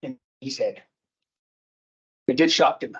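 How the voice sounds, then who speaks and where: A man tells a heartfelt personal story at a meeting, halting and restarting as he goes. His voice sits at an ordinary pitch. The recording is dull and lo-fi. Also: breathy edge. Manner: halting, emotional, with many restarts. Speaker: guest speaker. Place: meeting room.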